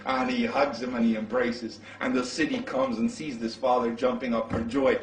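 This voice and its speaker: A man preaching in the style of a storytelling sermon, animated as he acts out the dialogue. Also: medium pitch, moderate pace, hardly any pauses, recorded from a distance, a little hiss or hum. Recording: roomy echo from off-mic.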